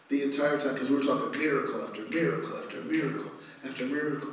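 A middle-aged man preaching a sermon as pastor, telling stories with animated energy that rises to loud exclamations. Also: mid-range voice, fairly quick. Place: church sanctuary. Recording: echoey church from a distance.

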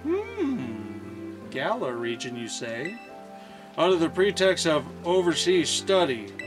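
A stiff, formal old school director, voiced by a man reading aloud. The speech comes in a slightly raised pitch and keeps a composed, official manner, with game music playing softly underneath. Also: big pitch swings, slow pace. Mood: earnest. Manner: reading dialogue aloud, stumbling over words.

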